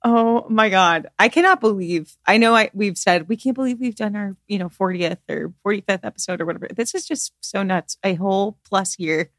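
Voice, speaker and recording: A woman's voice: mid-range voice, fairly quick, hardly any pauses, fairly bright tone, no room sound, clean studio sound. A woman co-hosting a casual podcast chat, earnest and emotional, gushing about her friend and the show. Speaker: podcast co-host.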